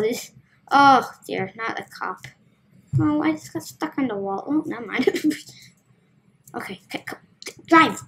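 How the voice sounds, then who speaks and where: A woman's voice: on the high side, expressive, a little slow, pauses often, fairly bright tone. A woman giving casual, playful commentary as she plays a video game, talking to herself as she goes. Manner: chatty, playful, talks to herself while playing. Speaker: gaming video host.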